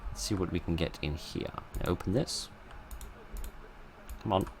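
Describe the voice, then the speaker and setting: A man's voice: low-pitched, normal speed, gravelly, a little hiss or hum. A man giving casual, wry commentary while playing a game, full of sarcastic asides. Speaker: let's play host.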